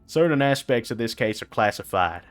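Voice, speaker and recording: Soft music plays behind a man with an expressive, mid-range voice close to everyday speech as he reads game dialogue on stream at a moderate pace. He performs a stern female knight commander's formal, stately lines in a goofy cowboy voice.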